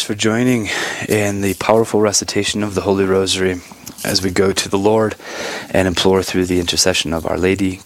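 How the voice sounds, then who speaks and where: A priest hosting a radio program, leading prayers and chatting with listeners in a measured, earnest way, slightly short of breath. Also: male voice, low-pitched. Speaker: priest and radio show host.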